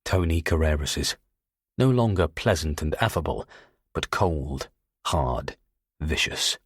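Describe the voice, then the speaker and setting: Deep, husky male audiobook narrator. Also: lively intonation, slow, no echo, clean studio sound. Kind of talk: first-person thriller narration.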